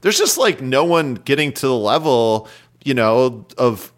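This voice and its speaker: A man's voice: medium pitch, very animated, a little slow. A man co-hosting a casual podcast, making wry jokes in banter with his friends. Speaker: podcast co-host. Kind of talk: casual chat.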